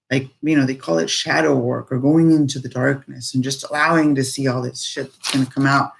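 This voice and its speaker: A woman speaking casually and reflectively on personal growth, animated and rambling, full of fillers. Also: low voice, vocal fry.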